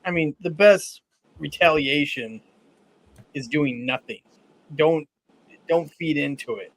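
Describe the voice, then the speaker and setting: A man's voice: on the high side, takes it slowly, rough recording. A man in a casual podcast chat, speaking hesitantly with many fillers.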